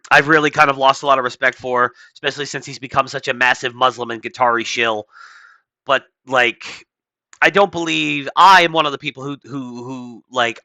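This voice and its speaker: Male commentator, sarcastic and profane, very bright voice, dry close sound. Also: medium pitch, no echo, rough recording. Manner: blunt, sarcastic, profane asides. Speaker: political commentary host. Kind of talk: casual reading and commenting on an article.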